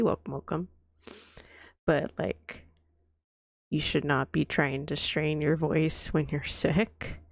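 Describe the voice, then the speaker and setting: Whispered role-play: young woman, hoarse from a cold, low gravelly voice, dry close mic. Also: no echo. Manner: chatty, soft and breathy, often drops to a whisper. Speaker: vtuber streamer.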